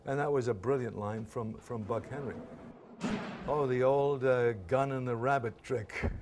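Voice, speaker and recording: Old guy in his 80s telling showbiz stories, lots of uhs and restarts, mid-pitched voice, faint hiss behind. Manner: animated storyteller, acts out quoted voices; halting, many fillers and restarts. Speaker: actor interviewed about a past TV series. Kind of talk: reminiscing interview anecdotes.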